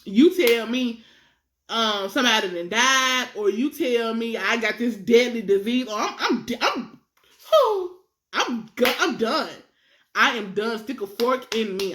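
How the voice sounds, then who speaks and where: A young woman vlogger telling a personal story in a casual, animated way, laughing often and using slang. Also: medium pitch.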